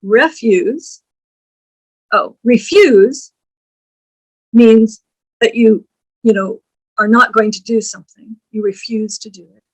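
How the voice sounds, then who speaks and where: A woman giving a recorded English grammar lecture, spelling out words letter by letter and explaining them deliberately. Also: fairly high pitch, little pitch movement, poor audio.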